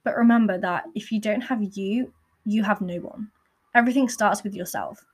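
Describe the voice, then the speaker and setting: A woman's voice: medium pitch, normal speed, husky. A young woman hosts her podcast in a candid, earnest personal monologue, peppered with "like.". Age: young adult. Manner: candid and earnest, with frequent fillers like "like". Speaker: podcast host.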